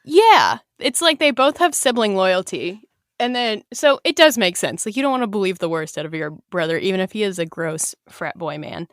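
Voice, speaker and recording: A woman's voice: medium pitch, expressive, normal speed, fairly bright tone, no echo, studio quality. A woman co-hosting a casual book-discussion podcast, retelling scenes and swearing now and then. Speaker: podcast co-host.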